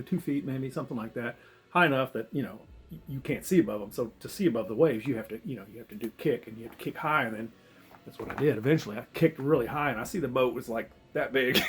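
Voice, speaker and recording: Fast-talking man telling a story. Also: medium pitch. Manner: rambling, self-interrupting, swears and laughs often. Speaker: vlogger telling a diving story. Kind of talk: casual storytelling.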